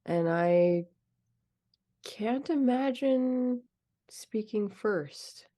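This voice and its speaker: A woman playing a tabletop game, talking in a thoughtful, unhurried way. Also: a little high, animated, mellow. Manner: slow, thoughtful. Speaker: player. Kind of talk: role-playing game chat.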